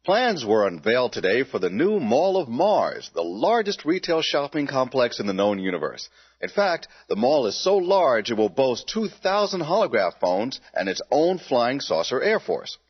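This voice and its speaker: Tv news guy, lively up-and-down voice, dull lo-fi sound. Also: medium pitch, moderate pace. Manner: smooth, bright newsreader delivery. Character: genial male news anchor. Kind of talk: spoof newscast. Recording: dull lo-fi with faint music.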